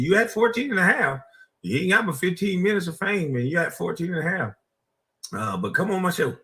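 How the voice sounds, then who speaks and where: A man with a Gullah Geechee accent from South Carolina, whose voice is mid-pitched and bright with a hard edge. He streams his reactions and mocks and jabs at a rival, laughing at his own insults. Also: sing-song, brisk. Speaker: streamer host.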